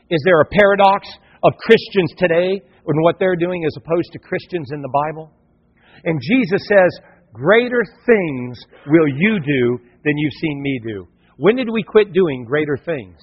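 A middle-aged male pastor preaching a lively sermon, acting out the voices he quotes. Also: high voice, breathy edge. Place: church hall. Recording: dull, long-reverb church hall.

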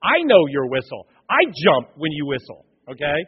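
Animated preaching pastor, high lively voice. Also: male voice, normal speed, breathy edge. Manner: animated preaching, rhetorical questions, swings between loud and hushed. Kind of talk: sermon. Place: church sanctuary. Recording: muffled, echoey church hall.

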